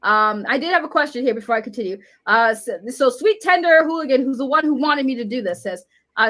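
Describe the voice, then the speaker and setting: A woman's voice: high-pitched, animated, a little fast, sharp tone. A woman guest on a casual livestream chat, insisting emphatically on her side. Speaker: streamer guest.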